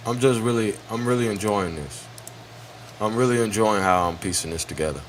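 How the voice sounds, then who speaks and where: A man's voice: on the low side, slight background noise. A man hosting an online history lesson, commenting casually over a video in a blunt, profane, slangy way and talking straight to his viewers.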